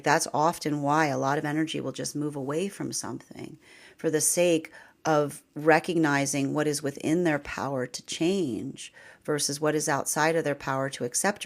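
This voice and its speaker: A woman reading tarot cards and talking through the energy in a chatty way, full of "like" and "right?", with frequent laughs. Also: low-pitched. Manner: chatty, repeats herself, laughs often, says "right?" and "like". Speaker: tarot reader. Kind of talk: casual spiritual talk.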